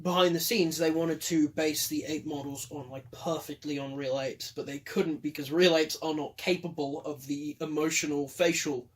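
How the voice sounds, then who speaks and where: A man's voice: a little high, steady tone, moderate pace, hardly any pauses, breathy edge. A young man co-hosting a casual film podcast, jokey and teasing. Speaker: podcast co-host.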